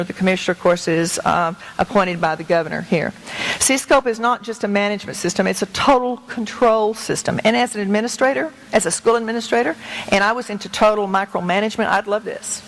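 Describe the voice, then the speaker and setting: A woman's voice: mid-range voice, rough recording. A middle-aged woman educator giving an earnest, emphatic talk to a meeting as a guest speaker, speaking conversationally. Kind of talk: public talk to a meeting with slides.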